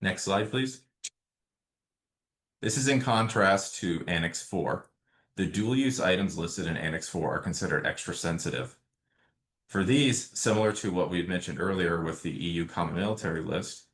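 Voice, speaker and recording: A man presenting a webinar on export law in a measured, explanatory way, working through slides one by one. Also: deep voice, fairly bright tone. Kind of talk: prepared legal presentation. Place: remote setting, webinar.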